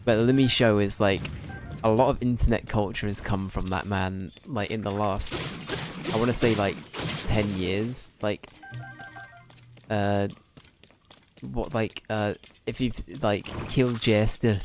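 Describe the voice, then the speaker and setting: A man's voice: lowish voice, steady tone, measured pace, pauses often, over music. A man streaming a video game, chatting casually in a rambling way and swearing now and then. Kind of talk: casual livestream commentary.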